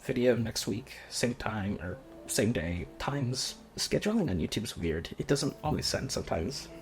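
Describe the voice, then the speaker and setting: A young man in his twenties talks through an unscripted video essay in a low-key monotone. He keeps his voice down and restarts his sentences as he thinks aloud. His pitch sits at a middling level for a man, and soft music plays faintly underneath. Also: measured pace. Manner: quiet and rambling, with restarts. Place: home room with roommates nearby.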